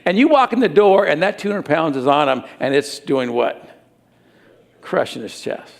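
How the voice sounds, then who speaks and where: Middle-aged male pastor preaching, lively and acting out scenes; pitched high with a raspy fry. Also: moderate pace. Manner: animated preaching with acted-out scenes. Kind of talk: sermon.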